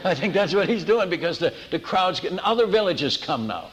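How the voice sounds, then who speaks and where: A fairly high-voiced man preaching a storytelling sermon as a missionary. He talks in an animated way, acting out dialogue and tripping over restarts as he goes. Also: fairly quick, long reverb tail, background noise.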